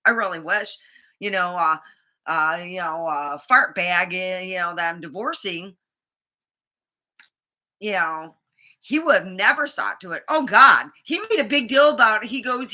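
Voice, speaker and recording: A woman's voice: medium pitch, sharp tone. A woman vlogger telling a rambling, indignant story about a doctor's visit, acting out the quotes. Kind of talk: casual monologue.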